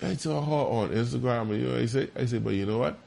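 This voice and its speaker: A man telling a story in casual chat, animated and profane. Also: very fast, vocal fry. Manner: animated, profane, jumps high when quoting. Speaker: podcast co-host.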